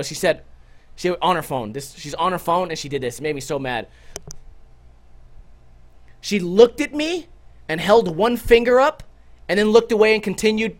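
High-voiced young man, profane streamer. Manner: animated, swears constantly, jumps into loud quoted outbursts. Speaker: livestream host. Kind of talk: casual profane storytelling to a stream chat.

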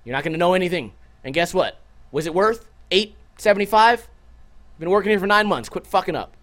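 A young man with a high-pitched voice, hosting a livestream and telling stories to his chat. He swears constantly and jumps into loud, animated outbursts when he quotes people. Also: fairly quick. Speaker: livestream host. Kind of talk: casual profane storytelling to a stream chat.

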